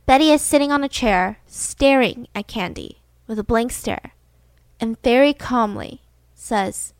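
Chatty podcast lady telling a crime story, higher voice, dry close sound. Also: measured pace, no room sound. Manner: animated, chatty, slips into voices. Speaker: podcast host. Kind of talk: casual true-crime storytelling.

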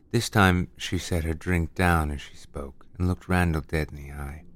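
Deep-voiced man narrating a horror tale. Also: steady tone. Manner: measured, deliberate, dramatic. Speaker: storyteller. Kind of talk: scripted horror story narration.

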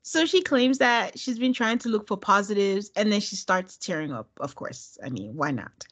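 A woman co-hosting a casual chat, recapping a show with sarcastic, animated storytelling. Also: mid-range voice, normal speed. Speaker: podcast co-host recapping a reality show.

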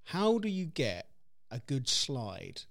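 A man's voice: mid-range voice, wildly swooping pitch, slow pace, creaky, fairly bright tone. A man in his thirties with an ordinary mid-range voice, chatting easily as a podcast co-host. He tells little home stories and slips in dry jokes. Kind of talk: casual chat.

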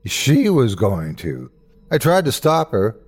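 A deranged older man who swings between pleading and screaming rage, as a male narrator puts him on. His voice is lively and rises and falls widely, and he speaks slowly and deliberately in this spoken horror story. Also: mid-range voice, husky, heavily acted. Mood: justifying. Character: deranged older man keeping a killer creature.

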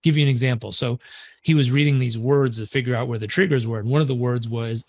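A man, a performance coach telling a story as a podcast guest in an earnest, animated way that swears casually. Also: medium pitch, fast, no room sound.

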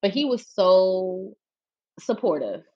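A woman who is a podcast guest, telling a personal story in a frank, animated, casual way, with slang and the odd swear word. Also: mid-range voice, slow pace. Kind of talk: candid storytelling in a casual interview. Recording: slightly dull, lo-fi podcast audio.

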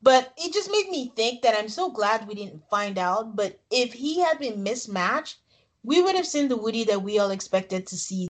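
Higher-voiced woman recapping a reality show. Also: normal speed. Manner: animated storytelling, frequent laughs. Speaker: podcast co-host. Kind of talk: casual recap chat.

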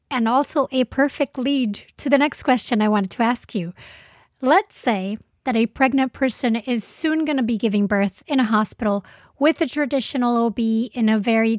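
A woman hosting an interview, responding with encouragement and asking clear questions. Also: a little high, normal speed, no room sound, studio quality. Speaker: podcast host.

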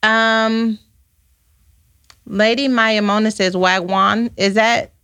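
A woman's voice: a little high, lively intonation, normal speed, fairly bright tone. A woman hosting a live podcast, chatting casually and reading viewer comments aloud. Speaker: podcast host. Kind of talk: casual live-stream chat.

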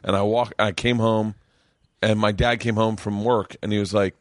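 Animated man acting out stories. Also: lowish voice, normal speed, no room sound, clean studio sound. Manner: animated storyteller, acts out dialogue, laughs often. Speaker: podcast host. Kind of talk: casual chat.

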